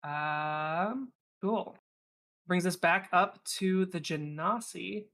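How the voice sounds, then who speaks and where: A man's voice: sits high, drawn-out words, fairly bright tone. A young man narrating as game master, rambling with lots of fillers and restarts.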